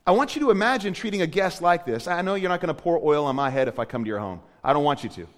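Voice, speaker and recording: A man with a notably high voice preaches in an animated, conversational way, leaning hard into key points. His words ring out with a long reverb tail, as in a church sanctuary. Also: quick pace. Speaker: pastor. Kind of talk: sermon.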